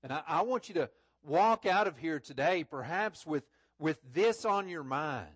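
A man preaching a Sunday sermon in church, often repeating words and rising to loud, stressed phrases. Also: fairly high pitch, expressive, moderate pace, breathy edge, no echo. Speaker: pastor. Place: church sanctuary.

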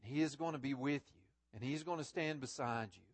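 A man preaching a Sunday sermon in church, often repeating words and rising to loud, stressed phrases. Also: mid-range voice, fairly quick, no room sound. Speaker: pastor. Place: church sanctuary.

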